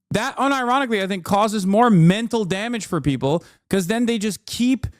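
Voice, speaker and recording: A man's voice: a little high, no room sound, clean studio sound. A man reacting to a video on a live stream, talking emphatically, swearing and pushing his voice up when riled.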